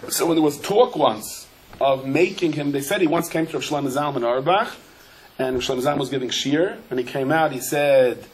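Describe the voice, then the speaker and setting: A rabbi teaching a Torah class, his voice sitting a little high for a man. He tells stories with animation, drops in Hebrew and Yiddish terms, and puts on the voices of the people he quotes. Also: a little fast, a crowd in the background, poor audio. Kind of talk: storytelling Torah lecture.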